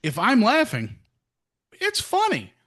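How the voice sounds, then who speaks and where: A man's voice: extremely high pitch, wildly swooping pitch, slow, sharp tone. A man co-hosting a podcast in casual chat, playful and cheeky, often laughing as he talks. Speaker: podcast co-host.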